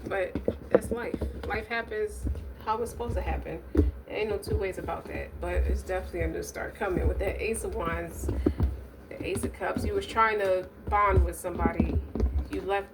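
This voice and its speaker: A woman's voice: medium pitch, normal speed, recorded from a distance. A woman giving a casual tarot reading, blunt and profane, rambling with asides and restarts. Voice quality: blunt, profane, streetwise talk. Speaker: tarot reader. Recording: noisy recording, voice set back from mic.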